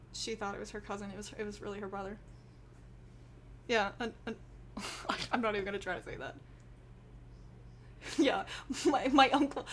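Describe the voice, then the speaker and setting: A woman's voice: on the high side, fairly bright tone, slight background noise. A young woman from Texas telling a family story in a casual vlog, rambling and giggling often. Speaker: vlogger.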